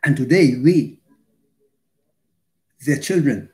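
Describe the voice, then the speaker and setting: A man preaching a sermon, slow and deliberate, pausing between phrases and reading scripture aloud for emphasis. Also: mid-range voice, dark tone.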